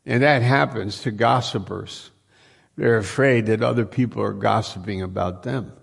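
A man's voice: fairly low pitch, moderate pace, vocal fry, husky. A man preaching a sermon in a conversational way, full of restarts and rhetorical questions.

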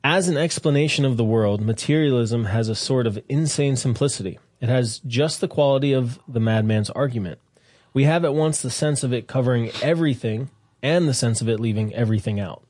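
A man's voice: mid-range voice, fairly quick, a little mellow, no room sound, studio quality. A man co-hosting a casual chat, easygoing, giving brief agreeing replies and reading a passage aloud.

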